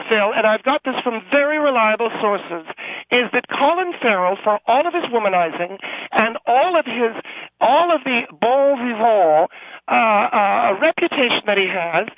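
High-voiced gossip lady played by a man, catty and prissy, prim whispered asides, muffled phone line, comedy radio bit. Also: full character voice. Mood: confiding. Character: gossipy female Hollywood entertainment reporter, prissy and catty. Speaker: entertainment reporter character.

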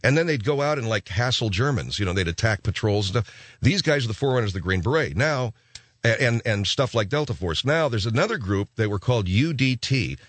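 A man's voice: medium pitch, lively intonation, brisk, a bit bright, dry recording. Man rambling as a radio host. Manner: rambling, offhand, with restarts. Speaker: radio talk show host. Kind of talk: casual talk radio monologue.

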